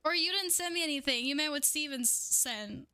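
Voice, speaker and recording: A young woman streaming live, chatting excitedly with her viewers, swearing and laughing often. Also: high-pitched, fairly quick, no room sound. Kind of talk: casual live-stream chat.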